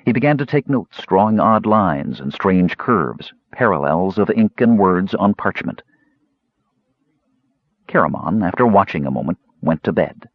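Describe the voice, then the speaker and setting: A man narrating a fantasy novel as an audiobook, in an expressive, measured storytelling manner. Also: low voice, dry recording, highs cut off.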